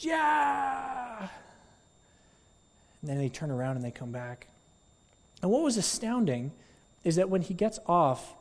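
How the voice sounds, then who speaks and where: A male pastor delivers a sermon in a fairly high voice, telling a story with lively energy and slipping into the voices of the crowd. His voice carries a long reverb, as if he is speaking in a church hall.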